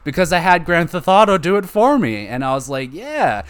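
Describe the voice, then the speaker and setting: A young adult man hosting a solo gaming podcast, talking in an excitable, profane, rambling way. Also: on the high side, brisk, clean tone. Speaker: podcast host. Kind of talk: casual solo podcast chat.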